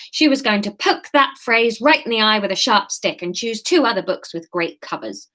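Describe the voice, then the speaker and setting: A woman's voice: mid-range voice, lively intonation, moderate pace, few pauses, bright, forceful tone. A woman in her thirties reading her own story aloud, with playful, self-mocking asides.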